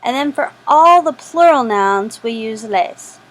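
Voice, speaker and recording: A woman's voice: on the high side, animated, a little slow, poor audio. A woman teaching a French lesson, patiently repeating each word for practice. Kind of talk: slow spoken language lesson.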